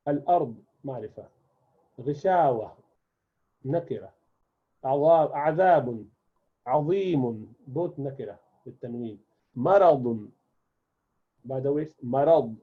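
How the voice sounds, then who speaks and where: An Arabic teacher whose first language is Urdu patiently explains a beginner's classroom lesson, repeating and drilling words one at a time. He has a medium-pitched voice with a breathy edge. The recording sounds tinny, like a phone.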